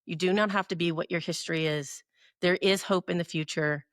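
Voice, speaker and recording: Speaking a little fast in a fairly low, steady voice, this middle-aged podcast co-host gives sincere motivational advice. She keeps tacking on "right?" to check in with listeners. The sound is studio quality with no echo.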